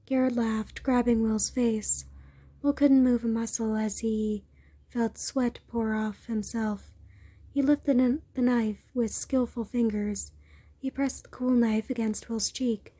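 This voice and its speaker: A woman reading fan fiction aloud as a podfic, with a slow, soft storytelling manner. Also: a little high, steady tone, husky. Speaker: podfic reader.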